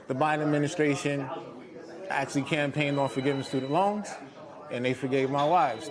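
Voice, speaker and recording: Man, calm explanatory panel guest, fairly high pitch, crowd noise. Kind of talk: roundtable discussion.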